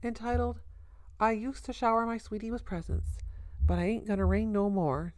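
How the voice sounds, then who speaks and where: A woman's voice: fairly high pitch, steady tone, moderate pace, darkish tone, no echo, studio quality, voice pushed up, natural voice. A woman reading the part of a cocky young man, slangy and wisecracking. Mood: showy. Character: brash cocky young man, show-off party guest.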